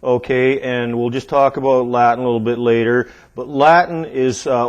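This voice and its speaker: A man's voice: mid-range voice, muffled recording. A man teaching drums, counting beats aloud as he demonstrates and checking in with the viewer often. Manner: counts rhythms aloud while playing; relaxed, checks in often with okay and all right. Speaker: drum teacher. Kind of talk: instructional demonstration.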